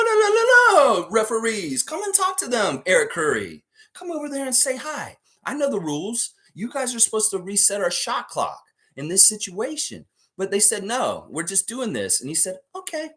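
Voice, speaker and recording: A man's voice: fairly high pitch, fairly bright tone. Man ranting heatedly with a swooping voice. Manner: profane, heated ranting with rhetorical questions. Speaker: sports channel host. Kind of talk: livestream sports commentary rant.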